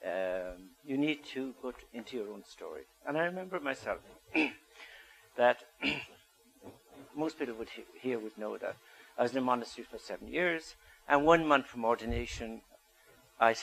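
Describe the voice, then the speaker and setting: An older man tells personal stories to an audience in a public talk. His voice has a bright, forceful edge, and he keeps turning questions back to his listeners. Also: medium pitch, poor audio. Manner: storytelling, asks the audience questions. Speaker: speaker.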